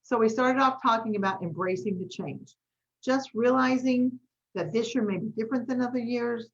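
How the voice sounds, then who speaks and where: Her pitch sits fairly high and she talks at a moderate pace, with the upper frequencies cut off in the audio. She's a life coach and host, telling a story during a relaxed, friendly coaching live stream and dropping the occasional "y'all."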